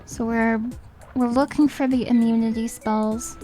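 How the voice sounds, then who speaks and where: A woman streaming a game, chatting casually and musing aloud, often trailing off into quiet mumbles. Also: fairly high pitch, fairly even intonation, a little slow. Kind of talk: casual live-stream commentary. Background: game music.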